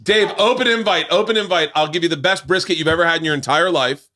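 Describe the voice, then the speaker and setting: A man's voice: a little high, fast talker, bright, forceful tone. A man in his forties hosting a podcast from his home studio, chatting casually in a rambling way and swearing freely. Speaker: podcast host. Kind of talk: casual chat.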